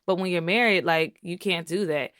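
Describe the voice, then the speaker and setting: A woman's voice: on the low side, normal speed, a bit bright, no room sound, studio quality. A woman co-hosting a couples podcast, speaking earnestly and animatedly, with frequent "like" and "you know". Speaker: podcast co-host. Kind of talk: casual chat.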